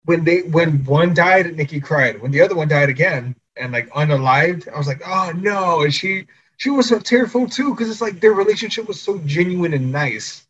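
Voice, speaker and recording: Male podcast co-host, husky, enthusiastic, dull lo-fi recording. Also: a little high, animated, normal speed. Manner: enthusiastic, earnest defending, swears casually. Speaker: podcast co-host reviewing a film. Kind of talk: casual chat.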